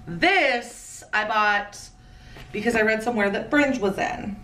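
A woman's voice: on the high side, pushed and bright, distant mic, a little hiss or hum. Chatty woman in her thirties, echoey room. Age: 30s. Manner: chatty and playful, quick asides. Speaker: fashion vlogger. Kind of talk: casual haul commentary.

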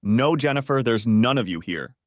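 A man's voice: mid-range voice, lively intonation, moderate pace, dry recording, studio quality, lightly acted. A man voicing a betrayed husband who accuses his wife with bitter, hurt questions, in an audiobook. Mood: cold. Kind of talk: audiobook character voice.

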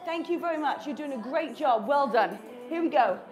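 A woman's voice: high voice, expressive, moderate pace, darkish tone, faint music behind. A woman leading a live home workout, cueing the moves with upbeat encouragement and chatting to her dog between counts. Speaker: fitness instructor.

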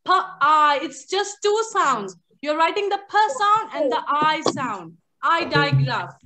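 A woman's voice: high-pitched, expressive, unhurried, pushed and bright. A young woman teaching a live online phonics class to young children, sing-song and coaxing, full of praise and endearments, heard over a video call mic. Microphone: computer or headset mic on a video call.

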